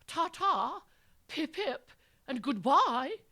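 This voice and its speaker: A woman's voice: high voice, sing-song, very slow, pushed and bright, voice pushed up, full character voice. A woman playing a melodramatic teenage class clown. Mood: mock-posh. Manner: melodramatic begging, mock-posh farewell. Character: theatrical teenage boy class clown, pleading.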